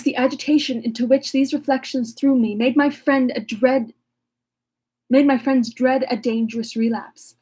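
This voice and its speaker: A woman's voice: a little high, fairly even intonation, moderate pace, warm tone, husky. A woman reading a classic novel aloud, breaking off now and then for wry, joking asides. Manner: wry asides, laughs at herself. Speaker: reader.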